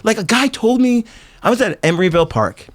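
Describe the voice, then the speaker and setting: A man's voice: high voice, fairly quick. A middle-aged man, a skateboarder and company owner, telling rambling stories as a podcast guest, full of "like" and restarts. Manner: animated, rambling, lots of "like" and restarts. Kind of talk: casual storytelling interview.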